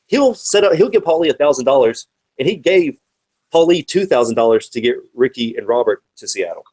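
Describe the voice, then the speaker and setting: A man's voice: mid-range voice, a little fast, rough recording. A man talking as a podcast guest, swearing freely while he tells long wrestling-world anecdotes. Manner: profane, animated, rambling anecdotes. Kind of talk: casual storytelling chat.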